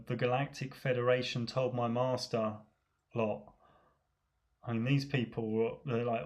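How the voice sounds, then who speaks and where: A man with a mid-pitched voice delivers a comic rant monologue, dripping with sarcasm. He mocks and scoffs as he goes, with a casual, matey delivery. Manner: sarcastic, mocking.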